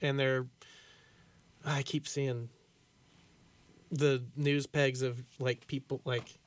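A man hosting a podcast, chatting casually with fillers and deadpan jokes. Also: mid-range voice, takes it slowly. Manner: joking deadpan, rambling with fillers. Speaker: podcast host.

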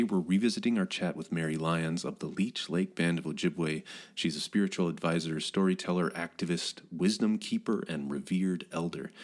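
A man co-hosting a radio talk show, chatting in a friendly, conversational way. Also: sits low. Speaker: podcast co-host. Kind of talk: casual radio chat.

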